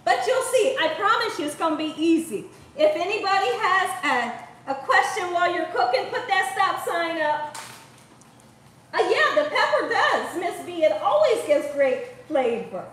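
A woman's voice: extremely high pitch, sing-song, normal speed, fairly bright tone, slight background noise. A woman from Ohio hosting a home cooking show, chatting and laughing with her viewers as she cooks. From Columbus, Ohio. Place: home kitchen. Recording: echoey room, voice far from the mic.

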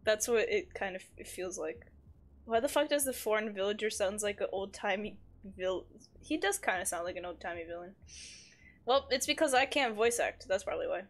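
A woman's voice: medium pitch, expressive, brisk. A young woman streaming a game, chatting casually, laughing and swearing freely.

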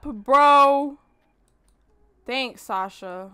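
Bright, crisp-voiced woman gaming host. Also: on the high side, unhurried, no room sound, studio quality. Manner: animated, swears a lot, talks straight to viewers. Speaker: let's play host. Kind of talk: casual gameplay commentary.

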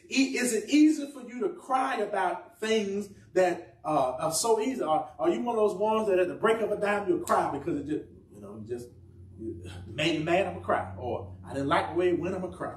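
A man's voice: sits high, reverberant, recorded from a distance. A man preaching a sermon in a conversational, humorous way, asking the congregation questions. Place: church.

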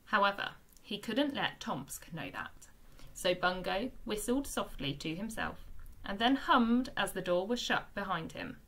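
A woman teacher reads a children's book aloud to young pupils. Her voice is bright and clear, and her pitch rises and falls a great deal as she tells the story expressively. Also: expressive, measured pace. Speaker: primary school teacher.

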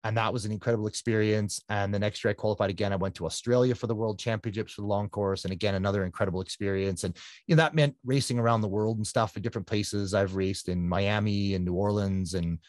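A middle-aged man from Canada, a guest telling his story in a casual, animated way and acting out quotes. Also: fairly low pitch, fast, no echo, clean studio sound. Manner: animated, conversational, acts out quotes.

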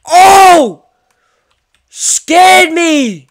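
A man's voice: sits high, expressive, measured pace, long pauses. A man with an Australian accent doing let's-play commentary on a horror game, jumpy and slangy, yelping when startled. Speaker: gaming YouTuber.

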